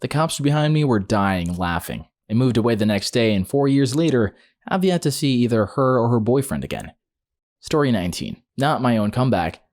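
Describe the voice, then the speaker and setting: A man reads short stories aloud one after another, in a steady, scripted narrator's delivery. His voice sits at an ordinary middle pitch. When he quotes people in the stories, he keeps them in his own voice. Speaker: story narrator.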